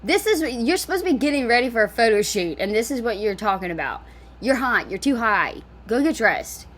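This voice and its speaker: A woman's voice: on the high side, very animated, fairly quick, fairly bright tone. Blunt woman reacting casually. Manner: blunt, exasperated, swears freely. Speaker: reaction video host.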